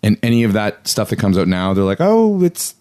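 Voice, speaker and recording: A man's voice: lowish voice, fast, clear, resonant tone. A man in his forties co-hosting a podcast, chatting casually and telling stories with laughter. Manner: animated, laughing storyteller. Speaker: podcast co-host. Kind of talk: casual chat.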